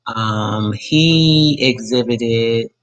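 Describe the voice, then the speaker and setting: Speaking very slowly in a medium-pitched voice, a radio show host chats on a live stream, recorded with lo-fi sound. He's loose and talkative, his casual talk full of fillers and self-corrections.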